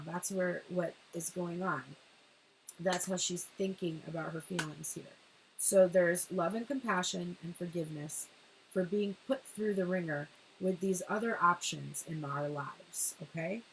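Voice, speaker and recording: Animated swearing woman reading tarot. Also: lowish voice, a little hiss or hum, low-quality recording. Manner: swearing, animated, laughs often. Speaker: tarot reader.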